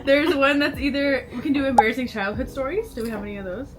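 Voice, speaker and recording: A woman's voice: sits high, quick pace, over music. A young woman in a casual girl chat who giggles often while she talks. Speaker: co-host reading prompts. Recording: clear background noise.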